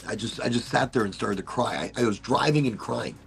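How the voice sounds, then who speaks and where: A man's voice: medium pitch, brisk, gravelly, faint music behind. A middle-aged man hosting a casual podcast, rambling and swearing as he tears up. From Florida. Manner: rambling, profane, emotional, frequent restarts. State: tearing up. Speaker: podcast host. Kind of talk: casual chat.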